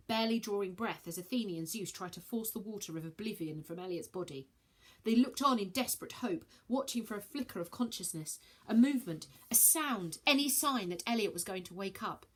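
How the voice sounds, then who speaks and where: A woman reading a children's novel aloud, switching into many character voices with shouts and whispers. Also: medium pitch. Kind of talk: expressive storybook read-aloud.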